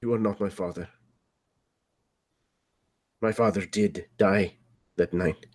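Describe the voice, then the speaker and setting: A man's voice: fairly low pitch, fairly even intonation, slow, husky. A man playing a grief-stricken young man who confronts his father in a strained, raw voice. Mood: bitter.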